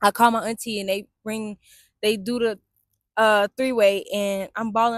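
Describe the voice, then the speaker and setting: A woman's voice: mid-range voice, steady tone, moderate pace, dry recording, clean studio sound. A young woman vlogger telling her own story outdoors in a casual, candid way, full of slang and swearing and speaking straight to her viewers. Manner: candid, slangy and profane, addresses viewers as y'all. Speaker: vlogger and Navy veteran. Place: outdoors in the sun and wind.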